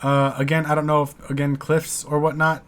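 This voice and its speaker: A man's voice: a little high, completely flat delivery, moderate pace, clean tone. An American man hosting a reaction video, rambling candidly through his thoughts and swearing now and then. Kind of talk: casual reaction commentary.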